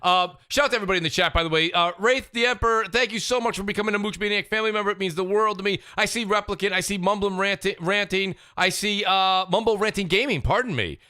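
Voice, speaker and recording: A man hosting a casual gaming podcast in an animated, joking way. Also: sits high, quick pace, hardly any pauses, clear, resonant tone, no room sound, clean studio sound. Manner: animated, jokey, gives chat shout-outs. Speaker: podcast host.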